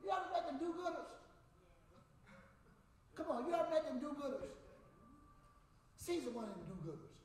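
High-voiced joking preacher in an echoing church. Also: male voice, normal speed, pauses often. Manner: lively, joking preaching with shouted emphasis. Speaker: pastor. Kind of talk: sermon. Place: church sanctuary. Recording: echoey church hall, mic at a distance.

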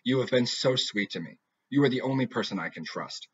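A man's voice: medium pitch, expressive, a little fast, husky, no room sound. A man voicing an upset, dramatic teenage girl who complains emphatically. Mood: apologetic. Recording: dull lo-fi recording.

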